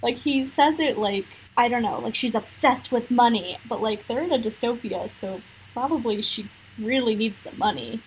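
Young woman podcast co-host, casual, blunt and emphatic, higher pitch, faint background noise. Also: moderate pace, few pauses, low-quality recording. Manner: emphatic, blunt, full of fillers like "like". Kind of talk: casual podcast chat about a book.

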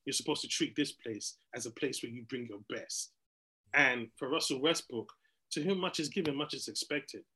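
A man in a heated sports debate, animated and argumentative, breaking into chants and laughter. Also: medium pitch, moderate pace, rough recording.

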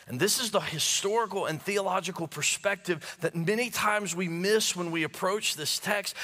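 A male pastor preaching a sermon. He stammers and repeats words as he builds emphasis, then drops to low hushed tones on key phrases. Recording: long hall reverb.

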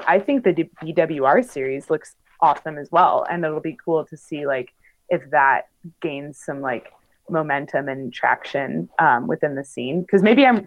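A woman's voice: low voice, phone-quality sound. A young woman, a professional bike racer, chatting casually in an interview with lots of fillers and laughs. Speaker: pro bike racer guest.

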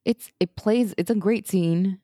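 A woman's voice: mid-range voice, a little slow, no echo, clean studio sound. A woman co-hosting a podcast, chatting casually through an episode recap and mocking characters in quoted lines. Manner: animated, mocking voices in quotes. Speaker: podcast co-host.

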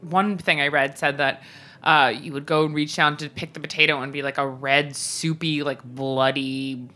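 A woman's voice: deep voice, fairly even intonation, normal speed, sharp tone. A woman co-hosting a podcast, chatting casually and jokily, rambling with fillers. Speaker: podcast co-host. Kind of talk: casual chat.

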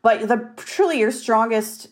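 A woman's voice: a little high, unhurried. A woman hosting a podcast, joking and chatting casually with loose, profane humor. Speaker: podcast host. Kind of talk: casual chat.

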